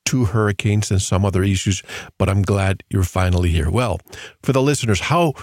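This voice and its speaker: A man's voice: deep voice, brisk, darkish tone, dry recording, studio quality. A man from Puerto Rico hosting a radio program, opening the show and introducing his guest in a polished broadcast manner. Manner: smooth, polished broadcast delivery. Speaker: radio host.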